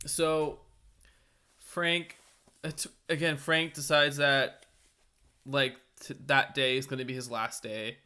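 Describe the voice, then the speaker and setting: A man's voice: medium pitch, level tone, takes it slowly, pauses often, pushed and bright, clear, resonant tone. A man co-hosting a TV aftershow in casual chat, rambling through jokey tangents. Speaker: aftershow co-host.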